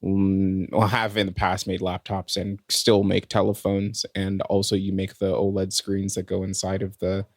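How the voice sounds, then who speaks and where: A man's voice: sits low, monotone, normal speed, hardly any pauses, dry recording, studio quality. A man co-hosting a podcast in casual chat, laid-back and ranting with swearing. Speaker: podcast co-host.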